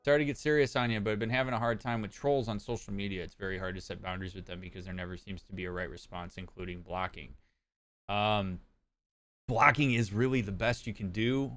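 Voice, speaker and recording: A man's voice: lowish voice, steady tone, fast talker, a bit bright, soft background music. A man, a therapist chatting casually on a live stream, reading out chat messages and joking with viewers. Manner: joking, reads chat messages aloud and replies.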